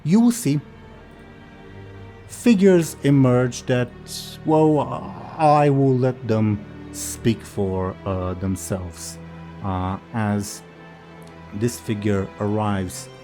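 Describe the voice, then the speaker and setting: A man narrating a tabletop game as game master, unhurried and halting with many fillers. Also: mid-range voice, warm tone, faint music behind.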